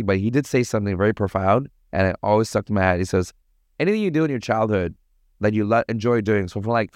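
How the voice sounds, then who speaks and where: A man from Toronto, a podcast guest telling stories in a casual, animated, slangy way. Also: mid-range voice, no room sound, studio quality. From Toronto, Canada. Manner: animated, slangy, acts out voices in his anecdotes. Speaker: podcast guest, party promoter. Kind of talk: casual storytelling.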